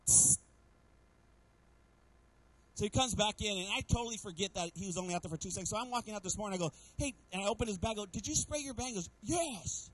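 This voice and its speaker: High-voiced pastor preaching a sermon. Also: male voice, very fast, few pauses, low-quality recording. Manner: animated preaching with repeated calls to the congregation; storytelling with humor.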